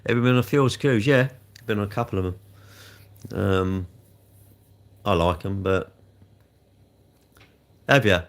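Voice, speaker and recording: A man's voice: fairly low pitch, slow pace, pauses often. A man chatting casually on a live stream, answering comments and telling off trolls. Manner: chatty and rambling, scolding trolls with rising heat. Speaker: livestreamer answering chat comments.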